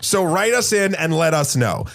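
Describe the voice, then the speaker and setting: A man with a noticeably high voice hosts a casual movie podcast. He signs off playfully and teases his guests, his delivery now and then going sing-song. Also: lively intonation, moderate pace, vocal fry, fairly bright tone, soft background music. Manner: playful, jokey sign-off with sing-song turns. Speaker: podcast host. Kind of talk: casual chat, wrapping up an episode.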